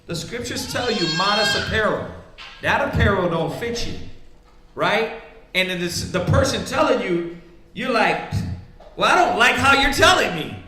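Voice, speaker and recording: A man's voice: sits high, lively intonation, normal speed, pushed and bright, roomy sound, faint music behind. A man preaching in a casual, conversational way, often asking "right?" and acting out the voices of the people he quotes. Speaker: priest teaching scripture.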